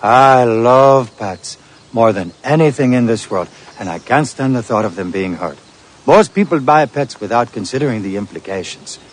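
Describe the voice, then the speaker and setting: An actor playing an odd, earnest man who founded a pet business, speaking in a put-on Indian accent in measured film dialogue. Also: mid-range voice, expressive, natural voice.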